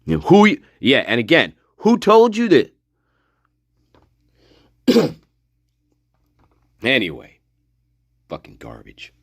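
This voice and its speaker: Male livestream host: profane, scornful ranter with a lively, swooping pitch, laughs a lot, dry close sound. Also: takes it slowly, long pauses, slightly rough, no room sound. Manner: frequent laughter, trailing off into mutters. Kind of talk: livestream commentary reading chat.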